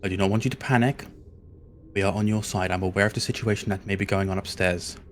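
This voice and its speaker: Brief: male player, lowish voice, polite and measured. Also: steady tone, a little hiss or hum. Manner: polite, measured in-character speech. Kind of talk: playing a tabletop game.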